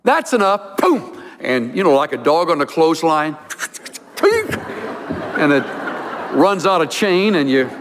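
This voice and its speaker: A middle-aged man preaching in a big hall, his slightly high voice ringing with a long tail of reverb. He tells stories in a folksy way and pops up into high, squeaky voices for the people he quotes. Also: fairly bright tone, slight background noise. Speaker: pastor. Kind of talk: sermon.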